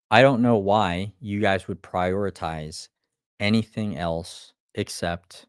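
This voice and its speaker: A man with a fairly low voice speaks in a blunt, profane live motivational talk. He keeps hammering his listeners with rhetorical questions and trips over restarts when he gets going. The sound is dry and close, with no room echo. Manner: restarts and stumbles when fired up.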